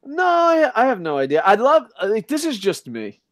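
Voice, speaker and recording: A man co-hosting a casual podcast, ranting loudly with lots of swearing. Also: high-pitched, wildly swooping pitch, moderate pace, no room sound. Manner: loud, profane ranting. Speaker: podcast co-host.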